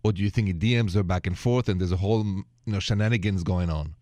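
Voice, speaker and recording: A man's voice: sits low, fast talker, dry recording. A man hosting a late-night radio advice show, chatting and encouraging callers. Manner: warm, encouraging, speaks with a thick accent. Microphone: studio microphone.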